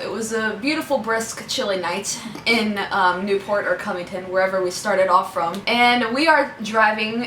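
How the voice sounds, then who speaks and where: A young woman telling a story casually, with wry, deadpan asides. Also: medium pitch. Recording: echoey room, from a distance, faint noise.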